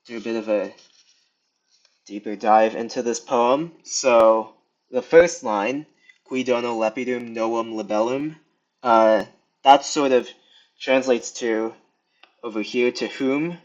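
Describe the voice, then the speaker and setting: A young man giving a casual screen lesson, talking through it with many pauses, ums and restarts. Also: mid-range voice. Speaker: video tutor. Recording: slightly dull lo-fi sound.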